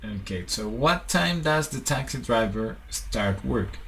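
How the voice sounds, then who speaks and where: A man's voice: mid-range voice, lively intonation, measured pace, gravelly, fairly bright tone, rough recording. A man, patiently teaching a one-on-one English lesson and switching to to explain.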